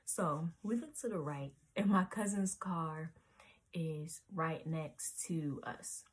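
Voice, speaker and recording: A woman's voice: sits low, slow, slightly rough. A woman in her twenties telling a rambling storytime vlog story, full of "like" and "um", sometimes dropping to a whisper. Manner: rambling, lots of "like" and "um", drops to whispers. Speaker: vlogger.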